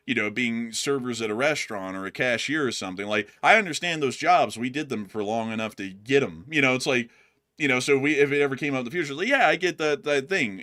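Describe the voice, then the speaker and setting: Animated young man talking politics. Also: medium pitch. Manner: animated, talks straight to viewers as "folks". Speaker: co-host of a political live stream. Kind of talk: casual political commentary on a live stream.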